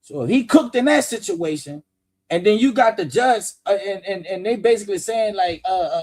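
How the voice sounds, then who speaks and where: A man hosting a casual commentary show, talking in an animated, profane way that often rises to shouts. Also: sits high, moderate pace, dry recording. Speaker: host.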